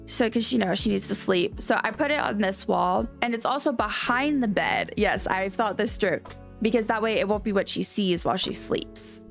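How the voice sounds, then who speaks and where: A woman streamer with a light Southern Cajun lilt talks in a loose, rambling way while she plays, often correcting herself mid-sentence and laughing. Her voice sits in an ordinary middle pitch. Soft music plays faintly behind her. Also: lively intonation, moderate pace, creaky. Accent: light Southern Cajun-tinged American. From Cajun country, US South. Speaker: live streamer playing a life-sim game. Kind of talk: casual live-stream chat.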